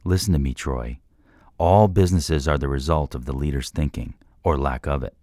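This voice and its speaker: A man voicing a calm, firm male business mentor in an audiobook, lecturing in a measured way. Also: very deep voice, no room sound, studio quality. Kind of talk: audiobook character voice.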